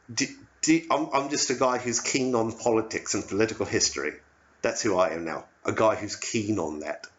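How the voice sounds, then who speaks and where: A man's voice: mid-range voice, close to an everyday voice. A man playing a dim, rambling British pub-going bloke with a put-on British accent, repeating and correcting himself in an earnest comic monologue. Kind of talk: satirical stand-up character monologue. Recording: dull lo-fi audio.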